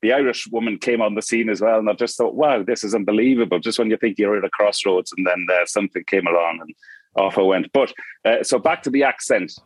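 Man, Geordie accent, middle-aged, very low voice, dry close sound, rambling casual chat. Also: steady tone, quick pace, dry recording. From Newcastle, northeast England. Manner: rambling storyteller, goes off on tangents. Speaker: podcast guest.

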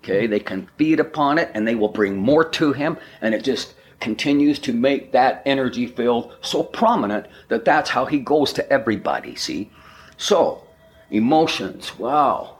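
A man delivers a spiritual talk at an unhurried, emphatic pace, leaning on repeated phrases and affirmations. His voice sits at an ordinary middle pitch for a man. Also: animated, a little hiss or hum. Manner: slow, emphatic, repetitive affirmations. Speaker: spiritual speaker.

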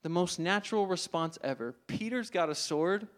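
Storytelling male preacher, slightly high voice. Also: expressive, moderate pace. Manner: storytelling, dramatic swings from loud to hushed. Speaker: pastor. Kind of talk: sermon.

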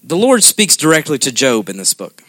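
Guy preaching, chatty sermon, keeps asking okay?, kinda bright tone, dry recording. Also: medium pitch, very animated, moderate pace, no echo. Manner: conversational preaching with frequent "okay?" check-ins.

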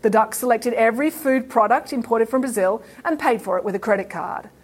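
A woman with an Australian accent telling a story to children in a playful, animated way. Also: fairly high pitch, fairly quick, slightly rough. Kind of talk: storytelling for kids.

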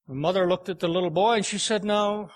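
A man preaching a sermon, telling a folksy farm story in an unhurried, homespun way. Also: sits high.

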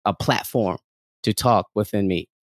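A man's voice: fairly low pitch, unhurried, no echo, studio quality. A man in casual conversation, talking openly and animatedly, full of fillers, often acting out other people's voices and laughing. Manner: frequent fillers like "like" and "um".

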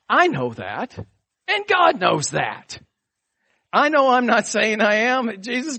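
A middle-aged man preaches a sermon in a high voice. He takes his time, leaning into an animated, conversational delivery with frequent asides to his listeners. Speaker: pastor.

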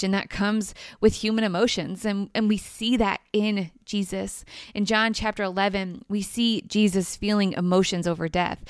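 A woman giving a devotional teaching in a gentle, earnest, conversational way. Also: medium pitch, smooth, dry recording, studio quality.

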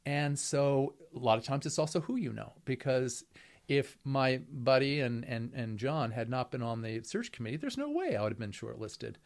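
A middle-aged man recounts his own past in a conversational interview, with a voice of medium pitch. He rambles wryly, circling back and restarting his sentences as the story unfolds. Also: animated, moderate pace, creaky. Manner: wry, rambling anecdotes with many fillers and restarts. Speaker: professor being interviewed.

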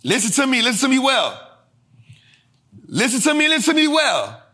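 High, lively man hammering home a point. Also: moderate pace. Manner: emphatic and repetitive, drilling points home; slangy, animated delivery with bursts of shouting. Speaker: host. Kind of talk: street-style finance lesson.

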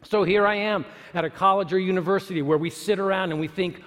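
Animated man preaching in a reverberant hall. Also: sits high, quick pace. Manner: animated, rhetorical questions, emphatic repetition. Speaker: speaker at a church or university gathering. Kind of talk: sermon-like talk.

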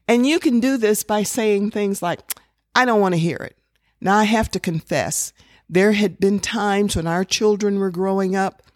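A woman's voice: mid-range voice, a little mellow, no echo, studio quality. A middle-aged woman giving an earnest talk to parents, acting out example phrases as she goes. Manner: earnest, quotes examples in acted tones. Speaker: parenting speaker.

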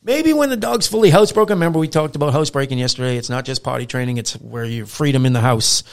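A man co-hosting a casual podcast as a dog trainer, telling animated stories and acting out growls and praise. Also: medium pitch, fast, creaky. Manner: animated storyteller who acts out growls and praise.

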